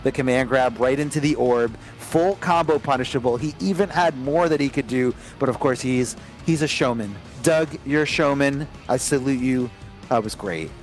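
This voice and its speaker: A man commentating a fighting game tournament live, excitable and rambling, with frequent restarts. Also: medium pitch, moderate pace, soft background music. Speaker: esports commentator.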